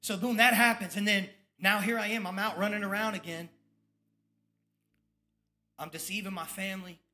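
A man preaching his own testimony as a sermon, swinging between loud bursts and hushed, low confessions as he tells his story. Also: fairly even intonation, normal speed. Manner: storytelling with acted-out quoted voices.

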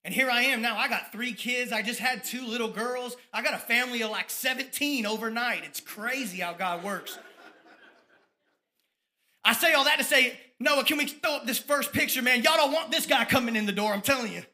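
A man, giving a fired-up testimony sermon about his ministry, at times dropping to soft reflective tones. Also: extremely high pitch, moderate pace. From Tampa, Florida. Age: 30s.

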